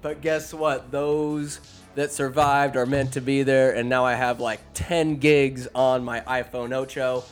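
A man recapping a fantasy film in casual, sarcastic commentary, animated and quick to put on voices for the characters. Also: medium pitch, smooth, soft background music. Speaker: movie recapper. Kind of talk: casual comedic movie recap. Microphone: phone or desk mic, recording alone.

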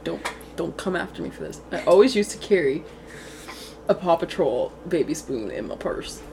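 A woman's voice: low-pitched, big pitch swings, moderate pace, creaky, darkish tone, slight background noise. A young woman from Canada co-hosting a podcast in casual chat, telling rambling stories, giggling often and swearing freely. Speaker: podcast co-host.

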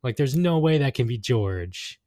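A man's voice: medium pitch, expressive, unhurried, mellow, no room sound, clean studio sound. A man co-hosting a podcast, talking in a rambling, agreeable way with lots of fillers. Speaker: podcast co-host. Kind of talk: casual podcast chat.

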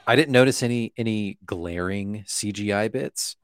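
A man co-hosting a movie podcast, joking, swearing often and acting out quick bits. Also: on the low side, clear, resonant tone. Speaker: podcast co-host. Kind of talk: casual movie podcast chat.

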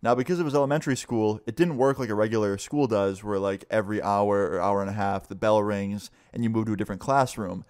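A man's voice: fairly low pitch, steady tone, fast, hardly any pauses, a little mellow, no echo, studio quality. A young man casually telling a story, rambling with lots of "like" and swearing freely. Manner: loose, profane, full of "like".

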